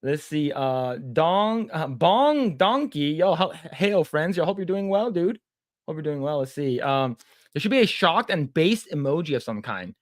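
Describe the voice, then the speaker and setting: A man's voice: a little high, big pitch swings, unhurried, dry recording, clean studio sound. Stammering man reading stream chat. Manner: stammering, repeats words, reads chat aloud. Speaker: podcast co-host. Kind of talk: casual livestream chat.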